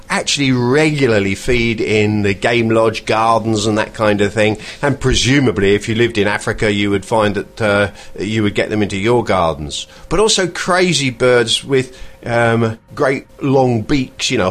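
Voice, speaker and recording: A man hosting a podcast, chatting in a rambling way and pausing to search for words. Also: mid-range voice, fairly bright tone. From England. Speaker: podcast host. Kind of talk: casual podcast monologue.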